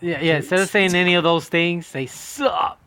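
A woman's voice: fairly low pitch, normal speed, no echo. A woman hosting an internet radio talk show, chatting and joking playfully with her co-hosts. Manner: animated, laughing, playful. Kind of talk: casual group banter.

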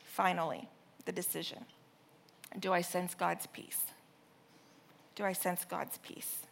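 A woman in her thirties preaching a sermon, telling a family story with lively, exaggerated re-enactments. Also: fairly low pitch, slow pace, vocal fry, a little hiss or hum.

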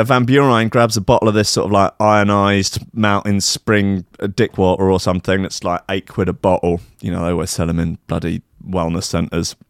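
A man hosting a podcast, telling an absurd comic story in a rambling, deadpan way with many ums. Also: fairly low pitch, smooth, no room sound, clean studio sound. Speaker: podcast host.

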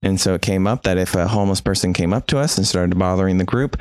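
A man with a very low voice tells the story in a relaxed, wry way. His dry humor stays understated. The sound is close and dry, with no room echo. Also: fast talker. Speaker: podcast co-host. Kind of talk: casual chat.

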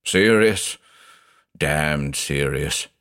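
A man's voice: low voice, animated, a little slow. A man reading a haunted older judge who talks in an intense, growling, confessional way. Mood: grave. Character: haunted, obsessive older male judge, brooding.

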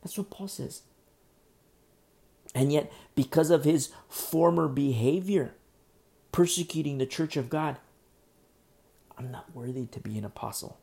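Gravelly, mellow-voiced male preacher. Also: a little high, a little slow, long pauses. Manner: repetitive, emphatic, with frequent restarts. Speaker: pastor. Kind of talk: sermon.

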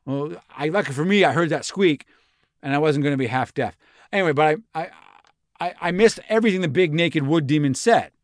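A man's voice: fairly high pitch, expressive, fairly quick, dry recording, studio quality, close to an everyday voice. A man voicing a breathless, rambling young Roman envoy who talks like a slang-heavy, swearing bro. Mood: breathless, excited. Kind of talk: comic reenactment in a podcast.

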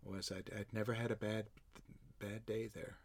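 An older man who worked as a barber, reminiscing in a halting way and often repeating words. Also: lowish voice, level tone, creaky. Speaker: former theme park barber. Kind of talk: reminiscing conversation.

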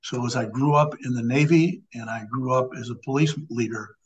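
A man's voice: medium pitch, a little fast, highs cut off. A man in his seventies from Illinois, a guest on a podcast telling a long anecdote in a rambling way with many restarts. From Illinois, USA. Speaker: guest, former law enforcement official and Navy veteran. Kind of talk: conversational storytelling.

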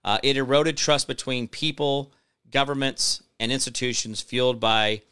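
Bright, clear-voiced sarcastic male host. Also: mid-range voice, steady tone, moderate pace. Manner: sarcastic, mocking, rising to loud outbursts. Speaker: show host. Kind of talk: solo commentary reading an article.

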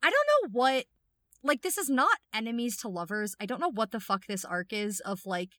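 Woman, podcast co-host, lively casual chat, a bit high, dry close sound. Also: normal speed, no room sound. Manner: animated, reads out quoted lines with dry voices.

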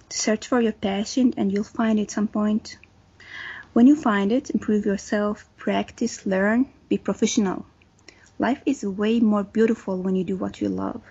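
A woman's voice: mid-range voice, darkish tone, husky. A woman artist from Syria, a podcast guest, giving earnest, heartfelt advice. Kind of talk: podcast interview. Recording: dull lo-fi sound.

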